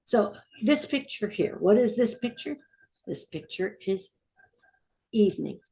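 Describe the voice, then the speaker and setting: Slow, patient woman teaching Hebrew words. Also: mid-range voice, animated, gravelly, dark tone. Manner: patient, repeats each word slowly for learners. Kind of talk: vocabulary lesson with call-and-repeat drills.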